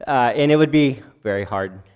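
A man preaching a sermon to a congregation in a conversational, halting way, with many restarts, asides and small jokes at his own expense. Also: medium pitch, darkish tone, clear, resonant tone. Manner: self-deprecating jokes to the congregation. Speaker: pastor.

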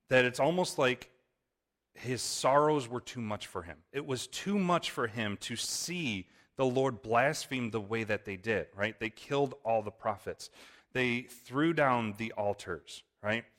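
A man's voice: mid-range voice, lively intonation, measured pace, a bit bright. Man teaching a Bible passage. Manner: explanatory, often adds "right?".

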